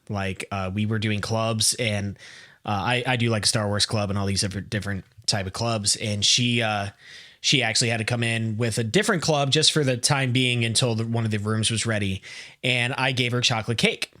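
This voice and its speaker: A man's voice: fairly low pitch, fairly even intonation, a little fast, sharp tone. A man who teaches at a school, co-hosting a podcast in casual chat and riffing jokes with silly acted-out voices.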